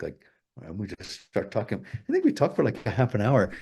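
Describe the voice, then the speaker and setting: A man's voice: fairly low pitch, big pitch swings, a little fast, gravelly, dark tone, slightly rough. A male guest telling stories in a casual interview, rambling and swearing a lot. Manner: profane, rambling, full of fillers.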